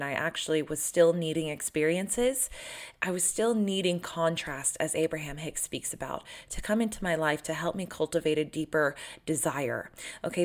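A young woman coaching viewers on manifesting love, chatty and earnest with plenty of fillers. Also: sits low. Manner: chatty and earnest, with many fillers and little laughs. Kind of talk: casual talk to camera.

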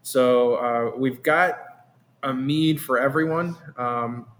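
A man's voice: mid-range voice, takes it slowly, fairly bright tone. A man in casual interview chat as a meadery owner, talking in a rambling way that repeats words and restarts often.

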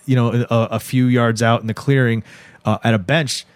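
A man in a relaxed podcast chat, walking through a film's plot scene by scene. His voice sits at an ordinary middle pitch and reaches the mic dry, with no room sound at all. He keeps slipping into quick, animated impressions of the characters as he goes. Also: clear, resonant tone, dry recording. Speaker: podcast co-host recapping a movie. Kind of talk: casual chat.

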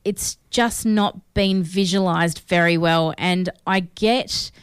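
A woman's voice: on the low side, fairly even intonation, slow pace, clean tone, dry recording, clean studio sound. Chatty Australian woman reviewing films. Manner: chatty, opinionated, with frequent fillers. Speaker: film review podcast co-host. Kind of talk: casual film review chat.

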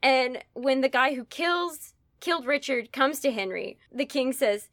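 A woman in casual conversation, retelling a story in an animated way with playful asides. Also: high voice, normal speed, hardly any pauses, no room sound, clean studio sound. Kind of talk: casual literary discussion.

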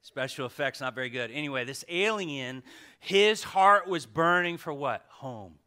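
A man in his thirties preaching a casual sermon, swinging from loud exhortation to hushed emphasis. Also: a little high, lively intonation, normal speed.

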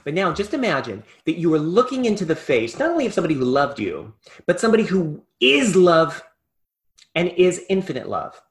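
واعظ رجل يلقي خطبة بحماس، صوته أعلى قليلاً من المعتاد. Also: male voice, on the high side, big pitch swings, fairly quick. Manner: impassioned, swings between loud and hushed. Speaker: preacher. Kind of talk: sermon.

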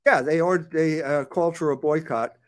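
A man's voice: fairly high pitch, fairly quick, dry recording. A man commenting on a clip in a mocking manner, laughing and repeating his words.

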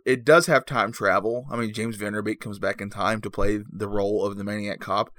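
A man giving a mock-serious comedic movie review in a deadpan, rambling, mock-earnest way. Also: lowish voice, fairly quick, no echo, clean studio sound.

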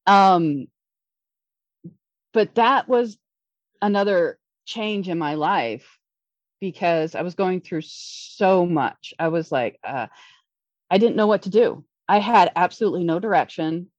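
A middle-aged woman with a fairly low voice tells a long, rambling story and restarts her sentences as she goes. The recording sounds dull, lo-fi and dry. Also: takes it slowly, long pauses, no room sound. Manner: rambling, excitable, many restarts. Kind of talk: casual storytelling.

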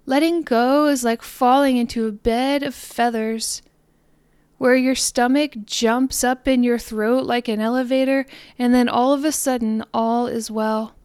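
A woman giving a reflective spiritual talk in a soft, earnest, meditative way, sometimes slowing and fading to near-whispers. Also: on the high side, steady tone, clean tone, no room sound, clean studio sound. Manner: soft, slows down and trails off into near-whispers on repeated phrases. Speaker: spiritual podcaster.

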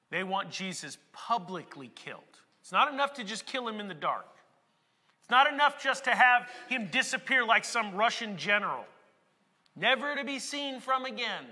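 Male pastor, very high bright voice, sermon with dramatic hush-to-shout swings, long hall reverb. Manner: preaching with dramatic swings between hushed and shouted passages.

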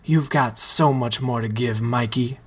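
A woman's voice: rumbling low, unhurried, breathy edge, heavily acted. A man voicing an upbeat, encouraging woman who gives pep talks to a group of male dancers, read in a comedic story reading. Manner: pep-talking, earnest.

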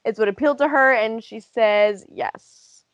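A woman's voice: on the high side, a little slow, no room sound, lo-fi sound. A woman co-hosting a casual podcast chat, recapping a show and laughing often. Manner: lively recap with frequent laughs and fillers. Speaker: podcast co-host.

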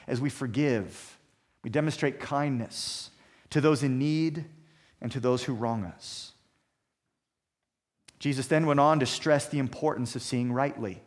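A man delivers a sermon in an emphatic, measured way, stacking repeated phrases to drive each point home. His voice sits a little higher than most men's. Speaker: pastor.

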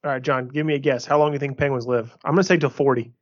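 A man's voice: mid-range voice, fairly even intonation, rapid-fire, no room sound, highs cut off. Man quizzing his podcast friends. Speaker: podcast co-host. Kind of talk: casual chat.

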